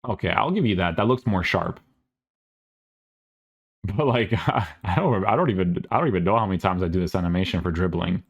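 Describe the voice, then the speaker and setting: A man's voice: sits low, expressive, fairly quick, creaky, breathy edge, lo-fi sound. A man reading game update notes aloud and reacting to them in a casual, sarcastic way. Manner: casual, sarcastic asides, many fillers. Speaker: gaming YouTuber.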